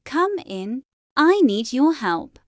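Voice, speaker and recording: A woman's voice: high-pitched, sing-song, takes it slowly, no room sound, clean studio sound, full character voice. A woman voicing a small halfling warlock girl with a strong British accent, grave and weary. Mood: solemn. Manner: solemn, weary.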